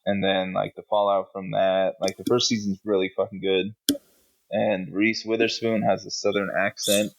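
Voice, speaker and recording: Gravelly low-voiced profane podcast co-host. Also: male voice, little pitch movement, moderate pace. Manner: blunt, profane and sarcastic. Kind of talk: casual chat. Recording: muffled lo-fi audio.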